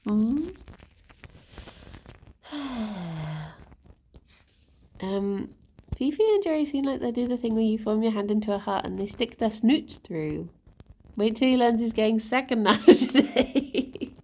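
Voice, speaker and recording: A woman streaming casually, chatting to viewers and cooing softly in baby talk to her pet rabbits. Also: a little high, lively intonation, unhurried, long pauses. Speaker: livestreamer. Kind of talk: casual livestream chat.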